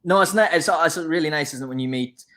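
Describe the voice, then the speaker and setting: A man's voice: fairly high pitch, fast, bright, forceful tone. A man hosting a radio interview, chiming in agreeably with short affirmations and rambling thoughts. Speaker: radio host. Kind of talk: interview chat.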